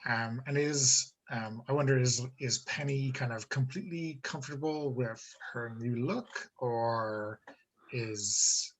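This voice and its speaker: A man's voice: mid-range voice, takes it slowly, husky. A man playing a tabletop role-play game, musing aloud in a tentative way. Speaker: player.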